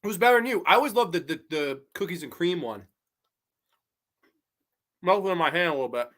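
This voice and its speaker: A man's voice: sits high, animated, a little fast, a bit bright. A man hosting a casual horror livestream, reading chat aloud and chatting while snacking on candy. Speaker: livestream host.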